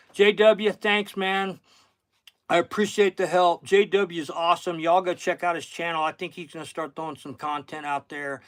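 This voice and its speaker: A man's voice: mid-range voice, a bit bright, dry recording. Chatty Southern man hosting a livestream. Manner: chatty, rambling, thanks viewers by name. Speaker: livestream host, fishing guide. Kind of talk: casual livestream chat.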